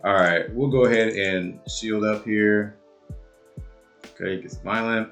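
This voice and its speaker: A man giving live commentary on his own game match, swearing often and swinging from low muttering to loud outbursts. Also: fairly even intonation, a little slow, faint music behind. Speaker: gamer and video creator.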